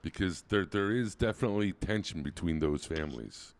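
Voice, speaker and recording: A man with a low voice that swings up and down a lot as he riffs and teases. He co-hosts a podcast recorded outdoors on a street, keeping up loud, joking banter. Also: animated, a little fast. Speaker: podcast co-host.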